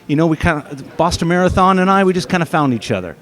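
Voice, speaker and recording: A middle-aged former steeplechaser tells stories in a casual interview recorded outdoors at an expo, with lots of fillers and restarts. His voice is fairly high and fairly bright, and he talks fast and expressively.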